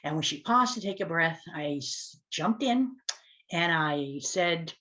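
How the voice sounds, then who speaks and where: A woman speaks to her audience in an animated storytelling way. Her voice leaps up and drops low as the story goes on. The recording is a little dull and lo-fi. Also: measured pace. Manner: animated storytelling with big pitch swings. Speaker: speaker and communication coach. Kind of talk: storytelling talk to camera.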